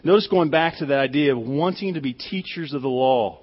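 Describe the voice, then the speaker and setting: A man's voice: a little high, a little fast, in a large hall, muffled recording. A pastor delivering a conversational, emphatic sermon, often repeating his words as he speaks.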